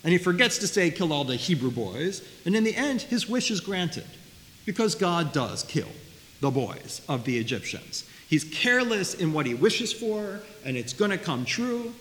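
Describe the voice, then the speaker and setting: A man teaching a Bible study class, talking in a lively way, often repeating words and asking his listeners questions. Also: sits high, normal speed. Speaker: Torah teacher. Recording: faint hiss, long reverb.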